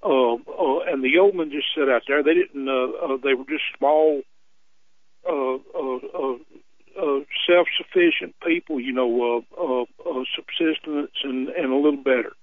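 A man calling in to a radio show, speaking haltingly with many filler sounds. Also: mid-range voice, no echo. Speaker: caller. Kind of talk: phone-in call. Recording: tinny phone line.

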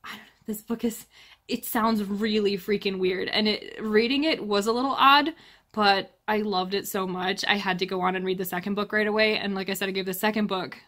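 A woman with a voice of middling pitch chats through a book review. She is candid and talkative, with frequent laughs and blunt, exasperated asides. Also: fairly even intonation, fairly quick, a bit bright. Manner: chatty and candid, laughing often. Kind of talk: casual book review chat.

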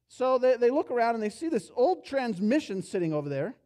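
A pastor preaching a sermon in a church, telling a story and acting out its characters, dropping soft and low for reflective points. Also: male voice, animated, fairly quick. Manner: storytelling, acts out characters' lines with rising energy. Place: church sanctuary.

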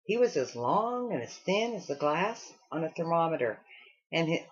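A woman reading a children's storybook aloud with expressive storytelling. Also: mid-range voice, husky, highs cut off. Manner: expressive storytelling with acted character lines. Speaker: storybook reader.

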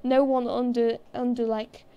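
A woman's voice: fairly high pitch, flat delivery, a little slow, warm tone, smooth, muffled recording. A young woman hosting a casual gaming chat, teasing her friend and giggling a lot. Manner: teasing, giggly, breaks into laughter often. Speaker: gaming channel host.

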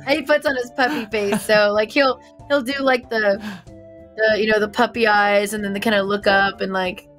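A woman's voice: mid-range voice, fairly even intonation, normal speed, fairly bright tone, soft background music. A woman playing in a tabletop game, talking in a chatty, giggly way. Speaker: player. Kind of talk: casual tabletop play.

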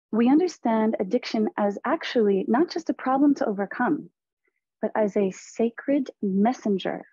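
A woman giving a slow, deliberate, earnest spiritual lecture to therapists over a video call. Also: a little high, warm tone, breathy edge, no room sound. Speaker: presenter on a teaching panel. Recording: dull lo-fi video call audio.

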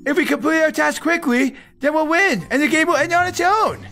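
A man voicing an eager, excitable young male crewmate in a cartoon. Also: very high-pitched, a little fast, soft background music, full character voice. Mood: excited. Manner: excited, urgent.

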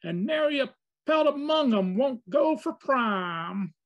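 A man's voice: very high-pitched, lively intonation, takes it slowly, muffled recording, pitched above the performer's own voice, full character voice. A man voicing a boastful old mountain-man fur trapper who talks in a thick backwoods drawl full of rustic slang.

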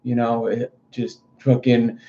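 A man's voice: medium pitch, slow. A man doing an eager crude joke guy. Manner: crude, excited joke-telling voice. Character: horny bar guy, eager adult man. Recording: dull lo-fi stream audio.

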